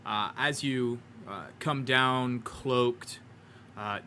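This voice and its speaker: Male game master, relaxed narration, mid-pitched voice, faint background noise. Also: slow pace. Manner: relaxed, with many fillers and restarts.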